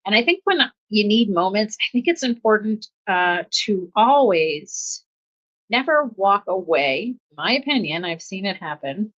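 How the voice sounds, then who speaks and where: A woman hosting a self-help podcast, talking calmly about pausing before reacting, with steady, repeating coaching phrases and soft laughs. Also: mid-range voice, lo-fi sound. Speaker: podcast host. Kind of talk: reflective self-help talk.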